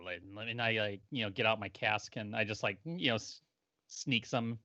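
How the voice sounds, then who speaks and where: A man's voice: on the low side, normal speed, sharp tone. A man playing his character in a tabletop game, hesitant and playful. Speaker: player. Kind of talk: tabletop role-play. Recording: dull, muffled mic sound.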